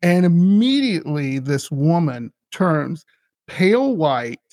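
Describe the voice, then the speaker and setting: A man's voice: fairly high pitch, sing-song, takes it slowly, darkish tone, no echo, clean studio sound. A man hosting a podcast, telling a story in an eager, rambling way with many restarts. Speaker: podcast host. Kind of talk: casual chat.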